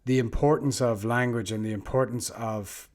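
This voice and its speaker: A man co-hosting a casual podcast, telling lively anecdotes and laughing often. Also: mid-range voice, moderate pace. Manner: animated storyteller, laughs often. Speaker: podcast co-host.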